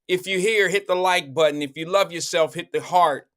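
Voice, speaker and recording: A man with a high voice hosts a live online talk show. He chats loosely with viewers, repeats his questions and speaks into his own microphone. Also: moderate pace, fairly bright tone. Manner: loose, repetitive, talks straight to viewers. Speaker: livestream show host. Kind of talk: casual live-stream chat.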